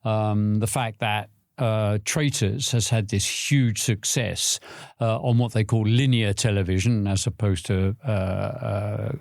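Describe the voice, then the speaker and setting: A man's voice: on the low side, steady tone, slow, creaky, darkish tone, no echo, clean studio sound. An older man talking casually as a podcast guest, telling reflective anecdotes with frequent restarts. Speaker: guest, advertising veteran. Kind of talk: casual conversation.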